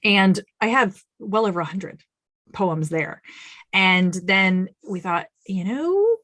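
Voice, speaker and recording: A woman's voice: mid-range voice, lively intonation, slow pace, a bit bright, dry recording. A woman guest on an interview podcast, telling stories with animation and acting out her own quotes. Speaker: author guest.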